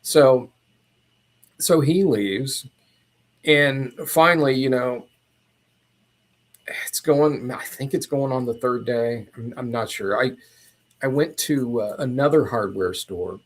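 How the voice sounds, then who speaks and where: Man, podcast guest, casual storytelling, mid-pitched voice, meandering, animated. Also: slow, long pauses.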